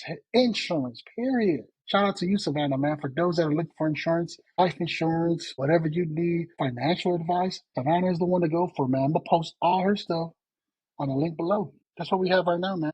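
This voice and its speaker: A man's voice: on the high side, darkish tone, husky, no echo, low-quality recording. A man co-hosting a podcast in a laid-back, casual way, often tacking "man" onto his sentences. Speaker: podcast co-host.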